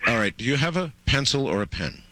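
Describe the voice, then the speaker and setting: A man's voice: mid-range voice, big pitch swings, quick pace, bright, forceful tone. A man hosting a late-night radio call-in show, talking insistently and cutting in with stammered repeats. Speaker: radio talk show host.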